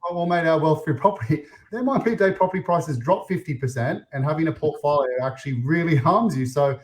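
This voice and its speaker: An Australian man hosting a casual property investing podcast, chatty and quick to act out what his clients say. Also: on the high side. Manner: chatty, acts out clients' voices.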